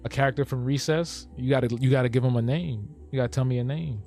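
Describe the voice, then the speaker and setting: A man's voice: medium pitch, fast talker, a little mellow, faint music behind. A man streaming live while he draws cartoons, joking and reacting to his chat as he thinks aloud.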